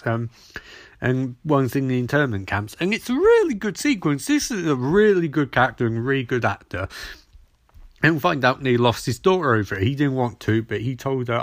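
A man's voice: mid-range voice, a bit bright, dry recording. Rambling, foul-mouthed man in a dry room. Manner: rambling, profane, loses track. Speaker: podcast host. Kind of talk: casual TV episode recap.

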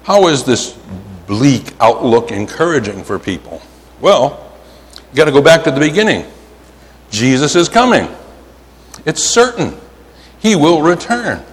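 Male preacher, Pennsylvania accent, animated and emphatic, long reverb of a big hall. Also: a little high. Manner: animated storytelling, drawn-out emphatic words, frequent "right?". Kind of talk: sermon. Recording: hall reverb, faint ambience.

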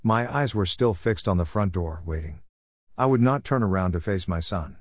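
A man narrating a first-person story in a measured, somber way. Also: sits low, no echo.

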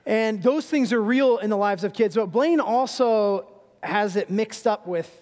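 A man's voice: high-pitched, unhurried, a little mellow, in a large hall. A man in his thirties, a guest preacher giving a sermon in a church, telling funny family stories in a conversational way. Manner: humorous storytelling, conversational. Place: church sanctuary.

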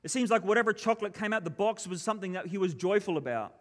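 A pastor delivering a sermon, reading scripture and then preaching in an earnest, measured way. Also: male voice, high voice, animated.

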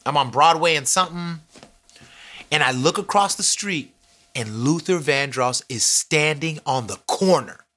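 A man telling a comic story, animated and acting out each character's voice. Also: fairly high pitch, measured pace. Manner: animated, acts out every character.

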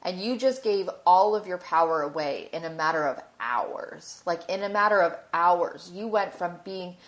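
Woman voicing steady, reassuring man, plain and direct, lowish voice. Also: moderate pace, natural voice. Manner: frank, reassuring. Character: calm, steady adult man partner.

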